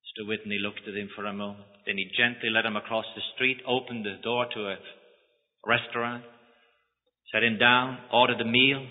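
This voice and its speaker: A man's voice: mid-range voice, steady tone, normal speed. A man preaches with dramatic passion, shaping the sermon around vivid stories. His voice comes through a tinny, phone-like recording. A long reverb hangs behind it, as in a large hall. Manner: impassioned, dramatic. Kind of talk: sermon storytelling.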